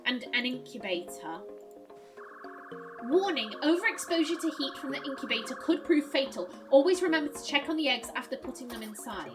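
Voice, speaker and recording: High-voiced woman thinking aloud. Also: expressive, fairly quick, music in the background. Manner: reads clues aloud, muses and laughs easily. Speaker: let's play host. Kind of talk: thinking-aloud puzzle game commentary.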